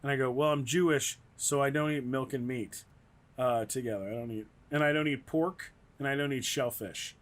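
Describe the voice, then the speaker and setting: A man's voice: medium pitch, fairly even intonation, moderate pace. A man, a comedian, telling a rambling story in casual chat and acting out quotes in raised voices. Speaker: guest comedian.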